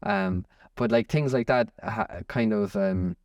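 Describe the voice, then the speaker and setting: A young Irish musician chatting in an interview, rambling with many restarts. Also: male voice, lowish voice, a little slow, darkish tone, no room sound, far from the mic, highs cut off. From Ireland. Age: young adult. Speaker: musician guest. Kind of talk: casual interview chat.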